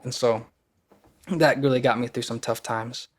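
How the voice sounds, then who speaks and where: A man's voice: medium pitch, steady tone, moderate pace. A young man from Wisconsin, an actor and podcast guest, telling personal stories in loose, rambling casual talk and acting out his own past panic in quoted lines. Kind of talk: casual storytelling conversation.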